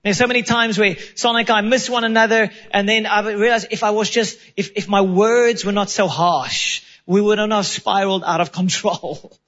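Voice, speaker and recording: A man's voice: sits high, fairly even intonation, moderate pace, hardly any pauses, fairly bright tone, dull audio. A man preaching a sermon, telling a personal story in an earnest, self-deprecating way, with quoted asides. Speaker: pastor.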